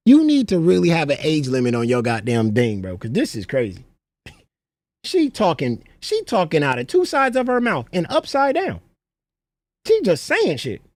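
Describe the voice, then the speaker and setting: A woman's voice: deep voice, huge pitch swings, normal speed, long pauses, a little mellow, no room sound. A woman co-hosting a reaction livestream, firing back with blunt, scoffing, profane retorts. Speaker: livestream co-host.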